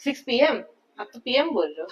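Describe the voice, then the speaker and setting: A woman's voice: a little high, very animated, racing, dull audio. A woman with an Indian English accent teaching an online English class, switching often between English and Hindi to explain grammar and pronunciation.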